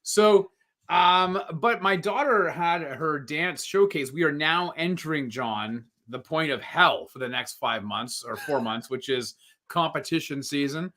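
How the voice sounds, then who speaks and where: A middle-aged man co-hosting a casual live podcast, telling a story with lively quoted voices and quick asides. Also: a little high. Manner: animated storyteller acting out quotes. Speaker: podcast co-host. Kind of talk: casual chat.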